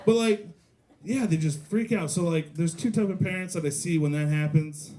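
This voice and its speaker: A man's voice: on the high side, moderate pace. Wry young male stand-up comic. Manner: deadpan storytelling, acting out voices of kids and parents. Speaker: stand-up comedian. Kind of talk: stand-up set. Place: pizza restaurant comedy night with audience.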